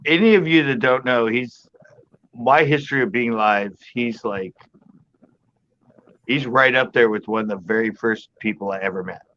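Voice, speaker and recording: A man hosting a live online panel, rambling casually as he thinks out loud and chuckling often. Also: mid-range voice, moderate pace. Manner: rambling, talks through his thoughts, chuckles often. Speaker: host of a live panel stream. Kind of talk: casual chat. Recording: muffled audio with faint background noise.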